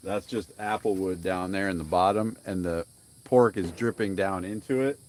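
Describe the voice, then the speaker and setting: A young man with a lowish voice talks through his cooking outdoors. He rambles in a relaxed way and greets his stream's viewers by name. Insects chirp in the background. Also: normal speed, slight background noise. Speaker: livestream cooking host. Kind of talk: casual live-stream chat while grilling. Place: outdoors by a grill and smoker.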